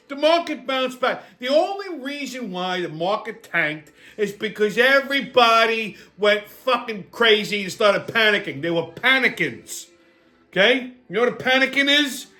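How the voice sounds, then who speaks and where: Brash, profane man ranting at a high pitch. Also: sharp tone. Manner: blunt, profane storytelling with repeated "okay?". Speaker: host. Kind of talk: profane comedic weekly rant.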